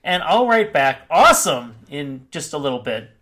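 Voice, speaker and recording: A man's voice: on the high side, very animated, normal speed, a bit bright. A man talking casually to his viewers in a rambling, off-the-cuff way, often correcting himself. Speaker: crypto mining YouTuber. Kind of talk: casual vlog talk.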